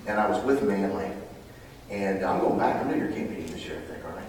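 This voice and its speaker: A man preaching a sermon to a live audience, animated, with loud emphatic bursts and quiet asides. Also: sits low, fast, recorded from a distance, a little hiss or hum. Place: large room with live audience. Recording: roomy hall, picked up from afar.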